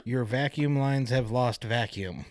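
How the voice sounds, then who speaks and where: A man co-hosting a casual car podcast, dropping deadpan one-liners. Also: mid-range voice, a little slow, no room sound. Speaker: podcast co-host. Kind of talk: casual banter.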